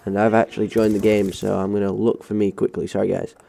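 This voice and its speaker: Young english guy rambling thru a story while gaming, low gravelly voice, swears a lot. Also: flat delivery, fast, dark tone, a little hiss or hum. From England. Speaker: gaming channel host. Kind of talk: story time over gameplay.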